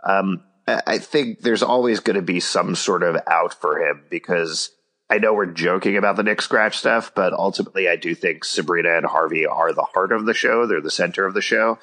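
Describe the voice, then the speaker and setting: A man with a very low, deep voice talks through a show recap on a podcast. He is casual and jokey, thinking aloud and stopping on filler words as he goes. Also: normal speed, sharp tone. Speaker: podcast host.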